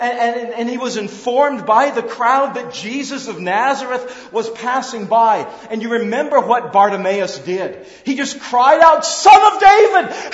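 High-voiced preacher in an echoing hall. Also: male voice. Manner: earnest, repetitive preaching with rising emphatic calls. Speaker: pastor. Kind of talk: sermon. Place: church service. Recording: roomy hall, slightly dull sound.

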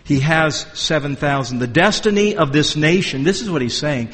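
A man's voice: fairly high pitch, lively intonation, moderate pace, fairly bright tone, breathy edge. A man preaching a sermon, emphatic and fond of rhetorical questions. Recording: long hall reverb.

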